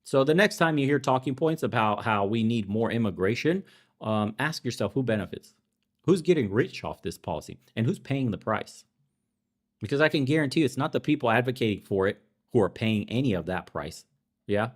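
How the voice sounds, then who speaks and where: A man's voice: mid-range voice, animated, fairly quick. A young adult man hosting a podcast, ranting in heated political commentary with sarcastic, profane, mocking asides. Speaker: podcast host.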